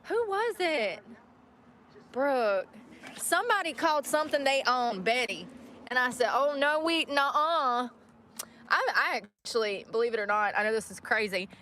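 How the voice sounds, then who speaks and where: A woman's voice: a little high, expressive, moderate pace, bright, forceful tone, a little hiss or hum. A woman vlogging casually from her car, chatty and blunt, swearing freely. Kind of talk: casual chat while driving.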